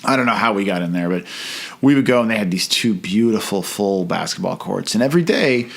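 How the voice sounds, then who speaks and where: A man in his forties from Chicago, chatting as a podcast guest, telling animated stories that burst into loud, profane rants. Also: fairly low pitch, a little fast, vocal fry, husky. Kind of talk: casual podcast chat.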